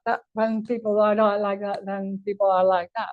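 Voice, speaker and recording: Earnest woman teacher, mellow voice. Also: medium pitch, flat delivery, moderate pace, lo-fi sound. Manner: earnest, emphatic, non-native phrasing. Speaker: spiritual teacher. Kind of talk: teaching in conversation. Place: meeting room.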